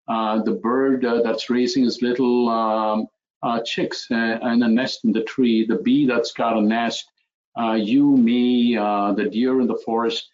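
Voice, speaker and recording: A man, a physician, speaking reflectively in an interview, with many pauses and fillers as he tells stories. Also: medium pitch, darkish tone, highs cut off. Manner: hesitant, many fillers, storytelling. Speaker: physician guest.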